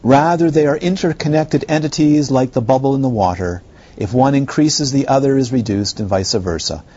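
In a dharma talk to students, a male Buddhist teacher animatedly poses rhetorical questions and mimics people's reactions. He has a mid-range, slightly rough voice and a moderate pace, and the audio sounds dull.

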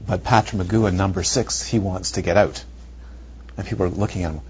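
A male meditation teacher giving a dharma talk, animated and rhetorical, sometimes dropping to near whispers, on a muffled recording. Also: deep voice, brisk. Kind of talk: dharma talk to retreat students. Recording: muffled lo-fi recording with faint noise.

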